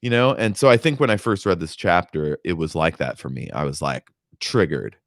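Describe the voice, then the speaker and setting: A man's voice: low voice, animated, fairly quick, dry recording, clean studio sound. A man giving casual, rambling commentary on a book, swearing freely. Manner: rambling, profane, full of fillers and restarts. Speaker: reader and commentator.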